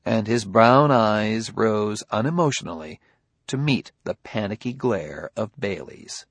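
A man narrating an audiobook in an expressive reading voice. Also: on the low side, a little slow, dry recording.

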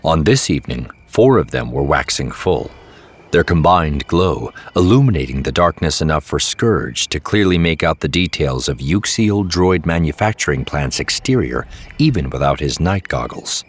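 Deep voiced guy reading an audiobook, measured and steady, kinda husky. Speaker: narrator. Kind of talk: scripted audiobook narration.

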